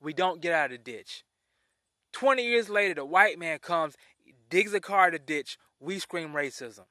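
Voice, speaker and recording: A man's voice: fairly high pitch, expressive, moderate pace, sharp tone, dry recording, clean studio sound. A man ranting his opinions in a vlog, indignant and repeating himself as he restarts phrases. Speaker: vlogger. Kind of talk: opinion rant to camera.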